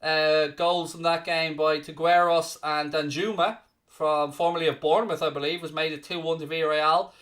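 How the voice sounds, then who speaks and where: Bright-voiced, teasing Irish man. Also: on the high side, level tone, moderate pace. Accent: Irish, from Dublin area. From Ireland. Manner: teasing, mock-scolding replies to viewer comments; rattles off scores like a presenter. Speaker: watchalong host. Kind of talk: live-stream football watchalong chat.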